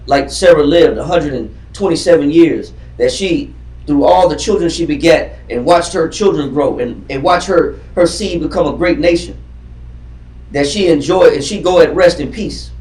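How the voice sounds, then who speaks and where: A man's voice: fairly high pitch, moderate pace, darkish tone. A man teaching a Bible class in a classroom, fervent and repetitive, quizzing his readers as he goes. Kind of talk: emphatic scripture teaching. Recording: roomy classroom from far off.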